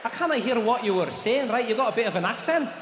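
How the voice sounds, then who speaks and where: A man's voice: extremely high pitch, animated, fast talker, a crowd in the background. A man doing a polite Scottish waiter. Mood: polite puzzlement. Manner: courteous, calling the customer laddie. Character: Scottish-accented Indian waiter, polite and unflappable. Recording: echoey hall, noisy room.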